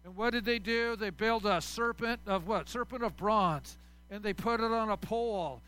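A man with a high, bright voice preaches a sermon to his congregation. He swings between raised, forceful passages and soft, intimate asides. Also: moderate pace, smooth. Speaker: pastor.

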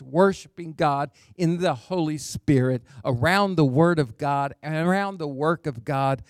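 A man's voice: a little high, a little mellow, dry recording, clean studio sound. A man preaching a sermon as pastor, emphatic, with call-and-response asides and phrase endings that drop to a near whisper.

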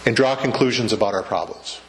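A lowish male voice, slightly fast, comes from a pastor giving a sermon in a church sanctuary, with a little background noise. His style is conversational: he jokes and asks his congregation questions.

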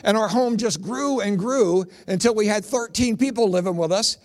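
A middle-aged man from Pennsylvania, a comedian and preacher, does stand-up, telling animated stories packed with punchy jokes. His voice is high and he talks at normal speed.

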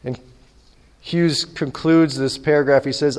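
A man's voice: on the high side, animated, normal speed, a little mellow. A man preaching a sermon, telling stories animatedly and acting out the dialogue himself. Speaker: pastor. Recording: long hall reverb.

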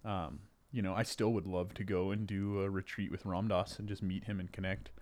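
A man's voice: low voice, fairly even intonation, a little fast, darkish tone. A man speaking as a guest in a casual conversation, easygoing and thoughtful. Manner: thoughtful, easygoing, loose storyteller. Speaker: podcast guest.

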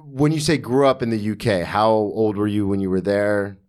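A man's voice: lowish voice, normal speed, darkish tone. A man hosting a podcast, chatting loosely and joking with his guest, swearing now and then. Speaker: podcast host. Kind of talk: casual interview chat.

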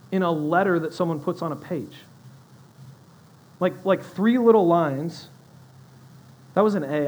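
A young adult man preaching a sermon in a conversational style, with animated asides to his audience. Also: sits high, low-quality recording. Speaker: pastor.

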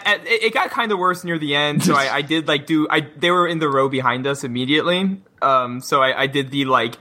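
A man's voice: a little high, fairly quick, sharp tone. A man co-hosting a podcast in casual chat, who stammers and restarts as he tells a story. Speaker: podcast co-host.

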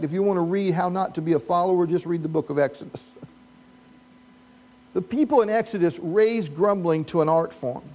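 Riffing on the story and posing questions to his congregation, a male pastor gives a humorous, animated sermon. His voice is notably high.

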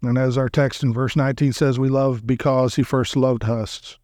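A man preaching a sermon as a guest speaker, emphatic and often checking in with his listeners, slowing down to recite hymn and scripture lines. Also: medium pitch, flat delivery, darkish tone, no echo, studio quality.

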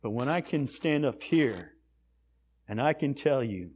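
A man preaching a sermon as pastor, swinging from hushed, intimate lines to loud, emphatic ones. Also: mid-range voice, lively intonation, a little slow, husky.

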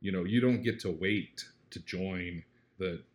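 Low-voiced man, earnest and reflective. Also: measured pace. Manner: reflective, earnest, often asks "right?"; animated when retelling a story. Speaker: interview guest. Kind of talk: casual conversational interview.

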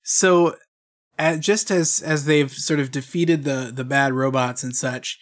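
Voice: medium pitch, measured pace. A podcast co-host in casual chat, making dry joking asides and summing up a plot.

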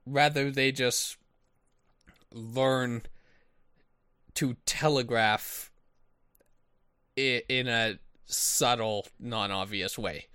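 A man with a bright, forceful voice talks slowly in casual podcast chat. He thinks aloud and asks questions to check his understanding. The sound is dry, with no room around it. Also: medium pitch, fairly even intonation, clean tone, dry recording. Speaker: podcast co-host.

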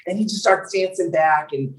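A young man, a wrestler, telling wild road stories on a podcast in a loud, profane, animated way. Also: high voice, moderate pace, recorded from a distance, rough recording. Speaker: wrestler guest. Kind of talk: casual podcast storytelling.

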